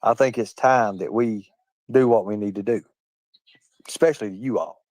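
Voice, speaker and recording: A man's voice: fairly low pitch, moderate pace, darkish tone, no room sound. A man hosting a live stream, ranting combatively and swearing heavily, often repeating himself and addressing his chat directly. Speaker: livestream host. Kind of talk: profane live-stream rant.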